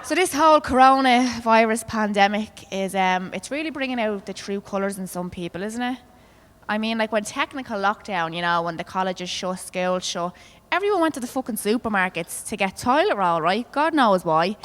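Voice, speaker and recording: A woman's voice: medium pitch, expressive, moderate pace, a bit bright, big-room sound. A woman with a Dublin accent performing a stand-up comedy set, brash and swearing as she tells stories to the room. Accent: Dublin Irish. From Ireland. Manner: brash, swearing, conversational storytelling. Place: comedy club stage.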